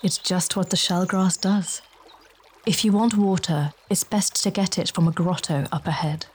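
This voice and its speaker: A man voicing a calm, knowing female guide who gives warnings. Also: high-pitched, moderate pace, slight background noise, voice pushed up, close to an everyday voice.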